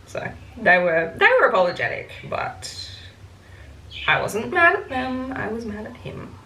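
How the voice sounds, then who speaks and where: A woman's voice: mid-range voice, animated, a little slow, gravelly, pauses often, sharp tone, a little hiss or hum. A young woman vlogger telling a story while doing her makeup, chatty and blunt, swearing freely and mimicking others in quotes. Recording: echoey room, faint ambience.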